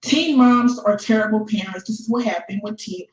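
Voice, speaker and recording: A woman's voice: medium pitch, moderate pace, echoey room, low-quality recording. A young woman in her late teens, talking in a casual, flippant way in a confessional vlog and laughing between sentences. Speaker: vlogger.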